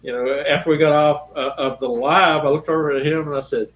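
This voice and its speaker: A man's voice: on the high side, fairly even intonation, fairly quick, fairly bright tone, poor audio. A man hosting a talk show, chatting in a friendly, teasing way. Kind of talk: casual studio chat.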